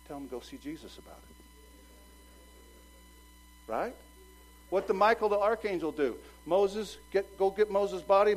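Guy pastor preaching, big ups and downs in his voice, bit of hum under it. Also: rough recording. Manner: preaching with big swings from loud urging to low asides. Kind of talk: sermon.

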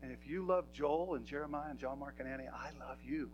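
A man's voice: medium pitch, fairly quick, muffled recording, faint music behind. A man preaching a sermon in a church, talking to his congregation in an emphatic, conversational way. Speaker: pastor.

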